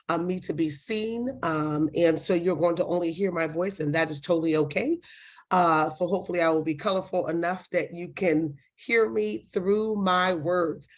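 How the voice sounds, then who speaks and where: A woman hosting and interviewing guests in an animated, chatty way. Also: on the low side. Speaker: host.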